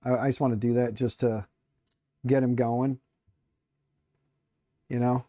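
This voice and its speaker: A man's voice: medium pitch, little pitch movement, a little slow, warm tone. A middle-aged man chatting casually on a live stream while tinkering, joking and muttering to himself as he works. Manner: joking, self-mocking, rambling. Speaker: streamer building a 3D printer.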